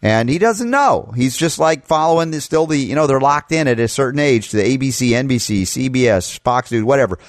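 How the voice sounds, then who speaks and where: A man's voice: medium pitch, expressive, fairly quick, hardly any pauses, dry recording. Male talk radio host, fired-up monologue, dry close studio sound. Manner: impassioned, rhetorical questions.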